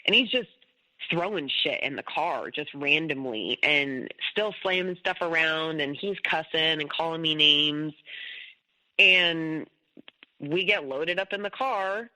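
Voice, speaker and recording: A woman speaking as a podcast guest, telling a personal story in a candid, rapid, emotional way, often saying "like" and swearing now and then. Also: low-pitched, pushed and bright, low-quality recording.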